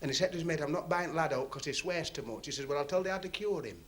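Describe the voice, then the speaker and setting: Chatty club comedian. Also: male voice, on the high side, lively intonation, racing. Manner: chatty, teasing the audience, laughing at his own jokes. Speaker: stand-up comedian. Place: working men's club stage on TV. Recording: noisy 1970s TV recording, laughing club crowd.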